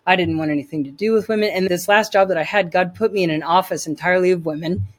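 A woman's voice: fairly low pitch, fast. A woman as an interview guest, telling her personal faith testimony in an earnest, emphatic way, repeating phrases for weight.

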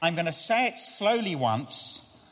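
A man's voice: very animated, a bit bright. A man preaching an earnest, conversational evangelistic sermon and leading a prayer. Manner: earnest, conversational, dropping low and slow for prayer. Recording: long hall reverb.

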